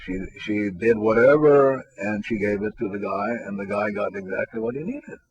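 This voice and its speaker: A man being interviewed as a spiritual teacher, telling stories in a relaxed, soft-spoken way, his phrases often trailing off quietly. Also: on the low side, normal speed. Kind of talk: relaxed conversational storytelling. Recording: dull lo-fi recording with faint music.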